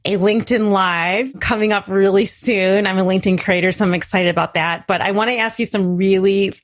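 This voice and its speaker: A middle-aged woman hosting a podcast, effusive and emphatic, her voice climbing high when she gets excited. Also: brisk. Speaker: podcast host. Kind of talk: casual podcast interview.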